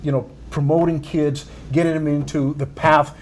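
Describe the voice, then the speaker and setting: A man with a Latino Spanish accent hosting an interview, warmly enthusiastic and quick to praise his guest. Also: a little high, level tone, a little hiss or hum. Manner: enthusiastic, repeats praise, laughs easily. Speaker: podcast host. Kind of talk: casual interview chat.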